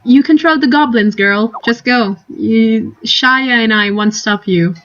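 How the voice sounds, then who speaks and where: A woman's voice: on the high side, unhurried, fairly bright tone, lo-fi sound. A young woman chatting casually on a live stream, rambling and giggly, drifting into tangents.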